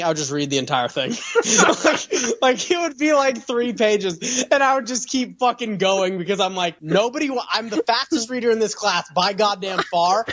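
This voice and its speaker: A man's voice: sits high, highs cut off. A young man co-hosting a podcast in casual chat, rambling with lots of fillers and laughing easily. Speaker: podcast co-host.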